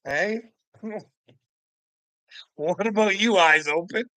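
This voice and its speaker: A man's voice: high-pitched, takes it slowly, pushed and bright, no echo, rough recording. Laughing, foul-mouthed man on a livestream. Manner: crude, profane, laughs a lot between remarks; teasing, talks back to viewers' comments. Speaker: livestream host. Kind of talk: casual livestream chat.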